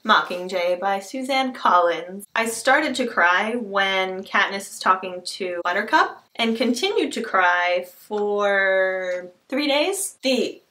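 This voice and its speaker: A woman's voice: medium pitch, animated, takes it slowly, bright, forceful tone. A woman vlogging a casual book tag into her camera, gushing and self-deprecating as she talks about her favorite reads. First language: not Scottish, cannot do the accent.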